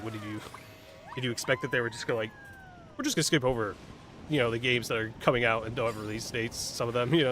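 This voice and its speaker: A man's voice: mid-range voice, a bit bright, slight background noise. A man casually commenting while playing a game, rambling with lots of fillers, swearing and laughing at his own mistakes. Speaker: gaming streamer.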